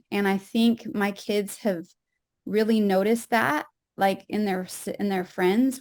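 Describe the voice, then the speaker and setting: A woman's voice: mid-range voice, a little mellow. A woman guest on a podcast who is a mother, speaking earnestly and firmly in casual conversation.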